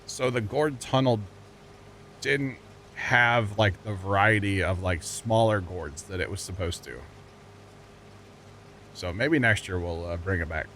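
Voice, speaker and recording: A man's voice: sits low, measured pace, long pauses, a bit bright, a little hiss or hum. A man from the United States live-streaming a farming game, chatting casually with his viewers in a rambling, jokey way and laughing often at his own puns. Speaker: livestreamer. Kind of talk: casual chat with viewers while gaming.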